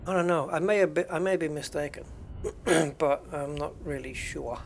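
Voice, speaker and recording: An English man with a slightly raised pitch chats casually with his stream audience. He muses aloud, trailing off and restarting his sentences. Faint noise sits behind his voice. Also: moderate pace, gravelly. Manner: musing and hesitant, many restarts. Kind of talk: casual livestream chat with viewers.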